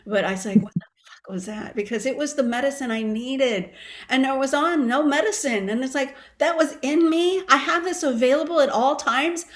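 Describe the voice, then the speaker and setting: Fifties woman wellness coach, lively storyteller, slightly higher pitch. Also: normal speed. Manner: animated, expressive storytelling. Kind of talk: casual interview conversation.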